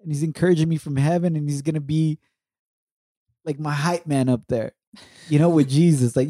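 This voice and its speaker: Heartfelt man with a dark voice. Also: a little high, fairly even intonation, moderate pace, long pauses, dry recording. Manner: heartfelt, reflective, mixes in Spanish words. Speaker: podcast co-host. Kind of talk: emotional personal testimony.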